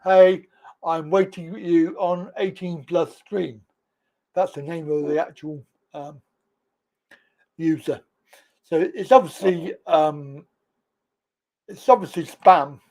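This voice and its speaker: A chatty man hosting a live call-in show, his voice sitting high for a man. He talks slowly and unhurriedly, padding his lines with fillers and easy laughter. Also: a little mellow. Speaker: host of a live call-in stream. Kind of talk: casual chat with callers.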